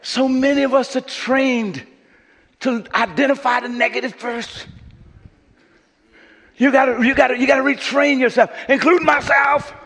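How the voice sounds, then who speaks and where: A man preaching a sermon as pastor, working up to shouts and calling on the congregation to answer. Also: very high-pitched, fairly even intonation, normal speed, pauses often, in a large hall. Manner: preaching with rising shouts and call-and-response. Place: church sanctuary.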